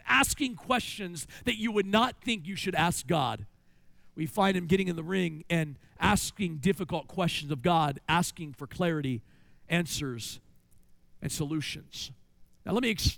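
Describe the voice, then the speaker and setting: High-voiced preaching man. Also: no room sound. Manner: animated storytelling with rhetorical questions. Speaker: pastor. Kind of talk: sermon. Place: church sanctuary.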